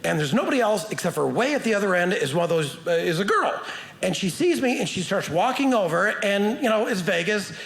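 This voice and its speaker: A middle-aged man doing a stand-up comedy set on a theater stage, telling animated stories and acting out other people's lines. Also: sits high, brisk, creaky. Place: theater stage before a live audience. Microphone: stage microphone. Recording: roomy stage sound with audience laughter.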